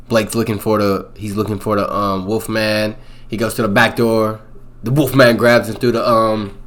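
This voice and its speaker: A young man casually recapping a movie plot in a rambling, slangy way, peppering it with "boom" and "bro". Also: fairly bright tone. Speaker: movie reviewer.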